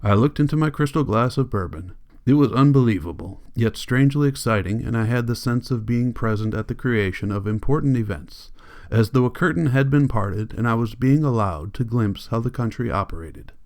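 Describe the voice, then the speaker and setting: An audiobook reader with a medium-pitched male voice narrates a novel aloud. His delivery is measured and even.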